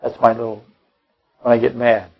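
A man's voice: medium pitch, little pitch movement, normal speed, vocal fry, highs cut off, a crowd in the background. An older man preaching a sermon, blunt and combative, often repeating and restarting his phrases. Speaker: pastor. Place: church service.

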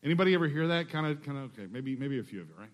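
A middle-aged man from Texas preaching a sermon in a conversational way, slowing down to read scripture aloud. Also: mid-range voice, expressive. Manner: conversational, restarts phrases, slows to read scripture. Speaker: pastor.

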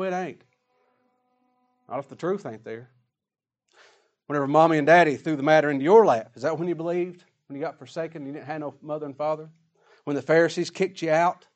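A man preaching a sermon emphatically, swinging between loud declarations and hushed asides. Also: on the high side.

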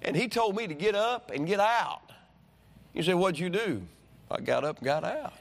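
A middle-aged man preaching a sermon, animated and repetitive, telling stories with sudden shouts. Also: sits high, moderate pace, creaky. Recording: long hall reverb.

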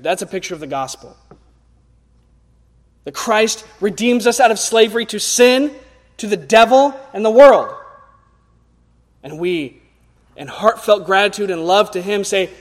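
A young man preaching a sermon earnestly, climbing to loud emphatic peaks and sinking low again. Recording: long hall reverb.

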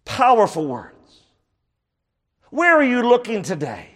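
Emphatic high-voiced male preacher. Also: animated, unhurried, big-room sound. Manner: emphatic, repeats key phrases for stress. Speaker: pastor. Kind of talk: sermon.

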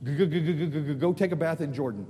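A man's voice: a little high, fast, warm tone, big-room sound, slight background noise, close to an everyday voice. A man voicing a nervous, timid servant who stutters and trips over his words. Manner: stuttering, repeating syllables.

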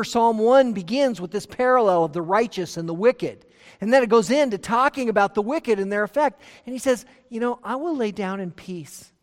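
A male pastor delivering a verse-by-verse sermon, his voice ringing with a long hall reverb. He presses words hard, then drops almost to a murmur. He reads his scripture quotes slowly and deliberately. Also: sits high. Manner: emphatic, swings from loud to hushed; slows down to read scripture aloud. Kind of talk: expository sermon.

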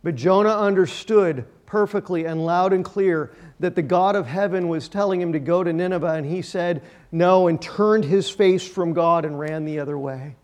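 A man preaching a sermon, emphatic, with his voice swelling loud and then dropping quiet. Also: high-pitched, moderate pace, few pauses. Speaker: pastor.

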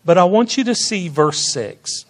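A man delivering a sermon in a fairly high voice. He takes his time, drawing out words. Quiet, intimate asides give way to loud, ringing exclamations of praise. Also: animated, a little slow. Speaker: pastor.

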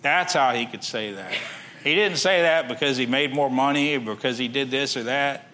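A man's voice: medium pitch, normal speed, pushed and bright, slight background noise. A man preaching a sermon, reading scripture aloud and then explaining it in plain everyday talk.

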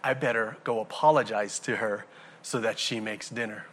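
A man preaching a sermon to a congregation, animated, throwing rhetorical questions and acting out everyday scenes. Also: fairly low pitch, moderate pace, slight background noise. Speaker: pastor.

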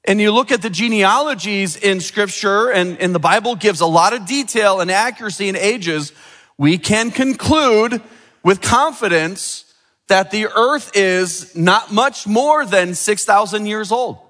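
The reverb of a long church hall surrounds a pastor delivering his sermon in a high-pitched, somewhat slow voice. Lively in his preaching, he moves from quiet to emphatic and throws rhetorical questions at the congregation.

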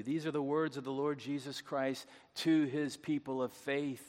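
A man preaching a sermon as pastor, swinging between hushed, tender lines and loud, fervent calls. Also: medium pitch, moderate pace, few pauses. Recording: long hall reverb.

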